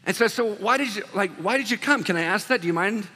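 Animated pastor in an echoing hall. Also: male voice, high voice, fast, husky. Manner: conversational, animated, self-deprecating asides. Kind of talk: sermon.

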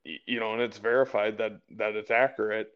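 A man's voice: lowish voice, flat delivery, a little fast, fairly bright tone, clear, resonant tone. Rambling man on lo-fi audio. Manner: rambling, many fillers and restarts. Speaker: podcast co-host. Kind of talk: casual political chat. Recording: slightly dull lo-fi audio.

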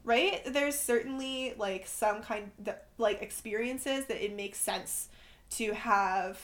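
A woman chatting casually on a podcast, animated and sweary, full of "like" and "right?". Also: a little high, takes it slowly. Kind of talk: casual conversational chat.

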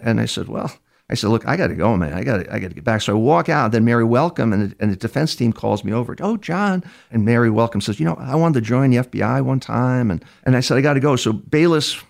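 An older man, a criminal profiler being interviewed, telling stories in a halting way, repeating words and acting out quoted dialogue. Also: fairly low pitch, creaky, darkish tone. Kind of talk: storytelling interview answers.

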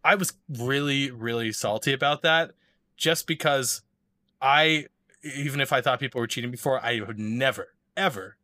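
A man's voice: medium pitch, normal speed, bright, forceful tone, dry recording. A man telling a story in casual chat, rambling with lots of fillers and restarts.

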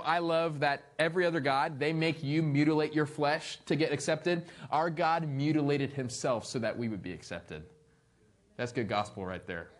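A male pastor delivers a sermon in a fairly high voice. He reads scripture aloud, then breaks off into playful, animated asides before returning to his point.

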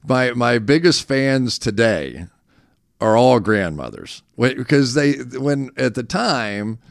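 A man, a football analyst, telling animated, self-deprecating stories in a casual interview. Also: mid-range voice, takes it slowly, gravelly, no echo, clean studio sound.

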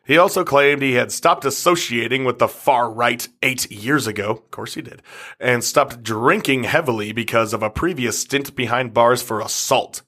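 A man's voice: mid-range voice, moderate pace, bright, forceful tone. A man hosting a podcast in a recording studio, reading out odd news stories with crude, sarcastic asides and lots of swearing. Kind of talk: casual podcast chat.

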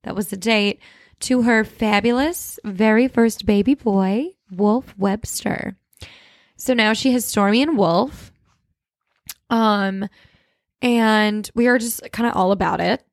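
A woman's voice: medium pitch, takes it slowly, no echo, clean studio sound. A young woman co-hosting a podcast, gushing about pop culture in bubbly casual chat and laughing often. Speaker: podcast co-host.

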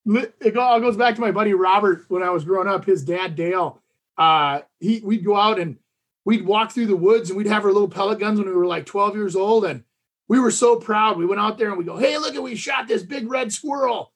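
A man's voice: high-pitched, a little fast. A man co-hosting a casual podcast chat, a talkative storyteller with lots of fillers and restarts. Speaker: podcast co-host.

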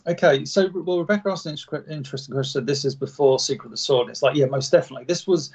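A man's voice: fairly high pitch, fast talker, a little mellow, breathy edge. A man casually chatting and reading an old script aloud, stumbling over words and laughing at his own slips. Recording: dull lo-fi sound.

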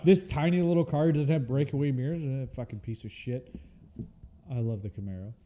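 A man's voice: medium pitch, fairly quick, slight background noise. A man co-hosting a podcast, telling stories in casual, profane chat. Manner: profane, animated storytelling. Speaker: podcast co-host.

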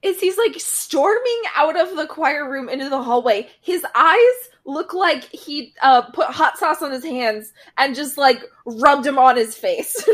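A woman's voice: high voice, lively intonation, unhurried, fairly bright tone. A woman co-hosting a casual podcast, chatting about a TV episode with wry, amused asides. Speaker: podcast co-host. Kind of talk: casual chat recapping a TV episode.

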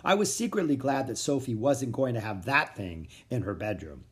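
An expressive narrator reading a children's chapter book aloud. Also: mid-range voice, normal speed. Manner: expressive, animated storytelling. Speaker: audiobook narrator.

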